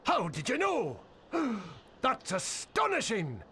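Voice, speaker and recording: A man's voice: very high-pitched, huge pitch swings, takes it slowly, pushed and bright, slight background noise, full character voice. An actor playing a fawning, theatrical old man in a video game, talking in a flowery, dramatic way. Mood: eager. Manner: flowery, eager to please, dramatic gasps.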